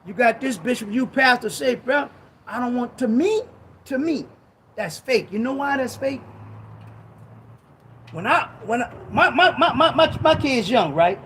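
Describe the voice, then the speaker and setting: Man on a ministry show, very high and swooping voice, repeats points emphatically, casual slang, faint noise behind. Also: animated, moderate pace. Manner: emphatic, repetitive, rising to shouts; conversational street slang. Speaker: ministry talk show speaker. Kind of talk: impassioned preachy talk.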